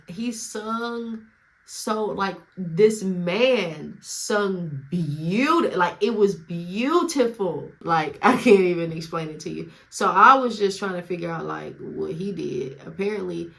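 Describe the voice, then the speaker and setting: A woman's voice: lowish voice, a bit bright. A young woman telling a personal story in loose, slangy, profane casual talk, acting out what others said. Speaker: vlogger.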